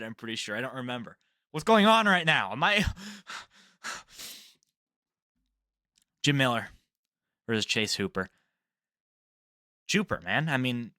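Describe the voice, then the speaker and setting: A young man hosting his own fight predictions in a loose, rambling way, cursing freely and laughing at his own mistakes. His voice is bright and forward. It sits in a middle pitch and sounds dry and close, with no room around it. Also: dry recording. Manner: rambling, swears and laughs at himself. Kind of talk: casual solo commentary.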